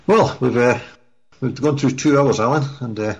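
A man's voice: medium pitch, normal speed, vocal fry, husky. A man hosting a radio show in casual chat, with dry, joking asides. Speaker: radio host. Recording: lo-fi radio broadcast.

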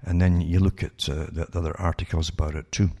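A man's voice: low voice, flat delivery, quick pace, warm tone. An older man commenting sardonically on news articles, throwing rhetorical questions at his listeners. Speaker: political commentator.

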